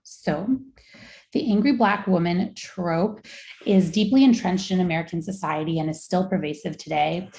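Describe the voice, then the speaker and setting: Woman, young adult, academic lecture, measured and explanatory, lowish pitch, roomy echo. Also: vocal fry, darkish tone. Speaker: researcher giving a talk. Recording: echoey room.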